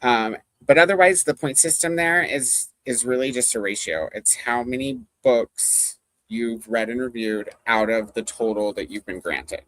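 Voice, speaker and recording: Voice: mid-range voice, measured pace, a bit bright, no echo. A livestream host chatting casually with viewers, rambling, laughing often and reading comments aloud. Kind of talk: casual chat with live viewers.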